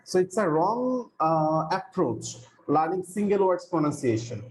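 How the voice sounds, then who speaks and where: A man's voice: high-pitched, very animated, a little slow, poor audio. A man teaching an online English class, explaining patiently and repeating key phrases. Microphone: video call.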